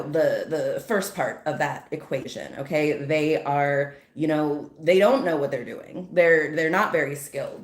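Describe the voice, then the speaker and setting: A woman giving a casual spiritual pep talk straight to the listener, emphatic and chatty, often checking in with "okay?". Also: sits low. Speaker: spiritual motivational speaker. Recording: roomy echo.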